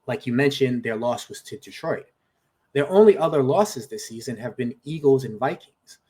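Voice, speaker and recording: A man's voice: medium pitch, expressive, normal speed, dark tone. A man co-hosting a podcast, chatting casually about football betting, thoughtful and hedging. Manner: thoughtful, hedging, laughs at own jokes. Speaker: podcast co-host. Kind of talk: casual sports betting chat.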